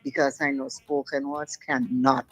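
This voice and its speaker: A woman's voice: a bass voice, level tone, a little slow, creaky, husky, low-quality recording. Older woman caller giving firm advice. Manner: forceful, preachy advice with local dialect grammar. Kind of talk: call-in radio talk.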